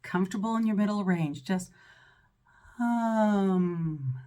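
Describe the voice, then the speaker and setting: A woman's voice: medium pitch, normal speed. A woman voice teacher with a mezzo-soprano voice giving an instructional breathing lesson, often checking in with "right?" and "okay?".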